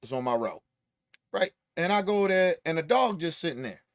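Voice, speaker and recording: A man hosting a podcast, telling stories in casual, profane, animated commentary and acting out what others said. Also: on the high side, moderate pace, no room sound, studio quality. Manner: profane, animated storytelling with acted-out quotes. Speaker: podcast host.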